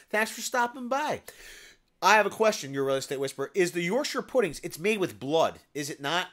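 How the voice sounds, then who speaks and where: A man's voice: sits high, big pitch swings, brisk, a bit bright. A man hosting a casual live stream, reading viewer comments aloud and rambling about food and tools. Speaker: live stream host answering viewer chat.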